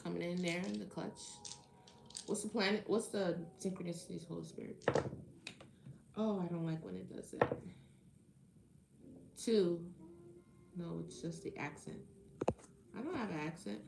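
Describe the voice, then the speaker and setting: Chatty woman with a gravelly voice. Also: lowish voice, moderate pace, pauses often, background noise. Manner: playful, chatty, reads comments aloud and banters. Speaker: tarot reader hosting a live stream. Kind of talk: casual live-stream chat with viewers. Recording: echoey room with faint music behind. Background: faint background music.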